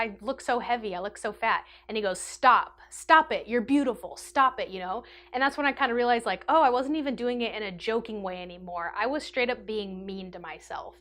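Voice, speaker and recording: A woman's voice: on the high side, a bit bright. Emotional young woman vlogger. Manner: candid, emotional, quotes her own thoughts aloud. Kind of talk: personal confessional chat to camera.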